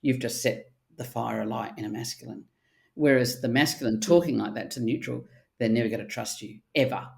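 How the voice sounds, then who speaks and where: A middle-aged woman, a therapist speaking in casual podcast chat, animated and blunt, with the odd swear word. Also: extremely low pitch, fairly quick, creaky. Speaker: archetypal therapist guest.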